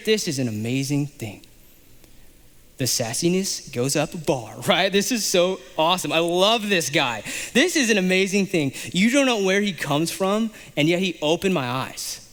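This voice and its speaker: A man pastor preaching a sermon, animated, acting out the characters of a scripture passage in quick asides. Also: sits high, in a large hall.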